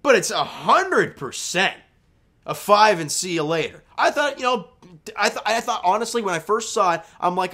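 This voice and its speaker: A young man breaks down a hockey game in a casual recap, talking over the replays. His voice sits high for a man and stays animated as he argues about the penalty calls. He keeps an easy, chatty tone throughout. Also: moderate pace. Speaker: hockey commentator.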